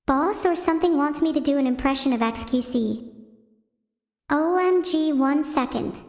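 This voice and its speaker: A synthetic female voice doing deadpan stand-up comedy on a stream, chatting with viewers. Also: high voice, normal speed. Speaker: AI streamer host. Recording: roomy reverberant sound.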